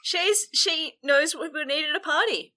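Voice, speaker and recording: A woman in casual chat, listening and dropping quick, wry interjections and dry quips. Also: high-pitched, bright, forceful tone, a little hiss or hum.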